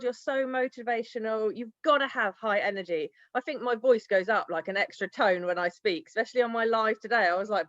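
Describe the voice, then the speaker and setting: A woman's voice: a little high, fairly bright tone, no echo. Woman, bubbly, rambling, laughs a lot, dry sound. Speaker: guest sharing sales tips. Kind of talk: casual team-call talk. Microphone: video call. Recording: dry, dull lo-fi call audio.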